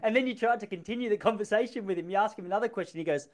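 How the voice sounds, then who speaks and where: A man's voice: sits high, rapid-fire. A man interviewing a fellow comedian in a casual chat, speaking with appreciative enthusiasm.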